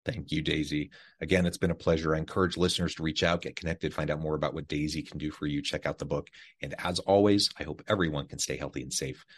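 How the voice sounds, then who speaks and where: Very deep-voiced man hosting over music. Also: fairly even intonation, fast, breathy edge. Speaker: podcast host. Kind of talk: scripted podcast outro. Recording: podcast audio with music underneath.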